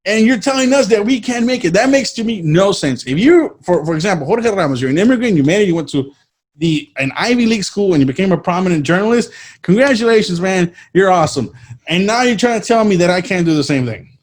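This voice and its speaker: High-voiced guy on a political podcast, emphatic, keeps repeating himself mid-thought. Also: expressive, fast talker. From Latino American. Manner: emphatic, repeats phrases while thinking. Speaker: podcast co-host. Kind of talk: casual political talk.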